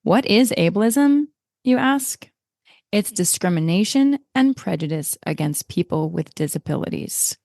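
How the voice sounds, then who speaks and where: A woman's voice: fairly low pitch, unhurried, creaky, darkish tone, no echo, clean studio sound. A woman hosting a podcast interview, reflective and chatty as she tells a story. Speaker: podcast host.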